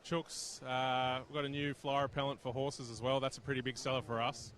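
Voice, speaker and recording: Low-key plain-spoken man. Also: flat delivery, brisk, a bit bright. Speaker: animal health sales rep. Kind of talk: casual product chat. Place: trade show floor.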